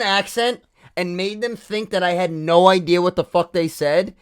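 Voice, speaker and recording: A man's voice: sits high, normal speed, smooth. A man co-hosting a podcast, telling a story in casual, profane chat and acting out what people said. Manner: profane, animated, acts out quotes. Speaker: podcast co-host.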